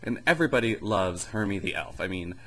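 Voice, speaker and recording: A man's voice: low voice, lively intonation, a little fast, fairly bright tone, a little hiss or hum, low-quality recording. A young man giving a rambling, sarcastic comedy review in casual chat. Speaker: video reviewer.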